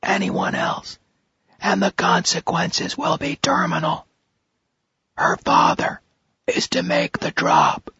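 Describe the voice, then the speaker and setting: A whispering mechanical kidnapper. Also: male voice, high-pitched, lively intonation, creaky, bright, forceful tone, slightly rough, no room sound, muffled recording, pitched above the performer's own voice, exaggerated voice. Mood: menacing. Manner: slow, cold, threatening. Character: menacing male kidnapper with mechanically disguised voice.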